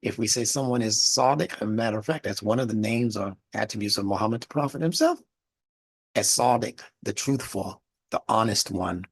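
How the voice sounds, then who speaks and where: A man's voice: lowish voice, moderate pace, breathy edge. A man teaching a religious studies class in a lecture, explaining word meanings and asking the class rhetorical questions.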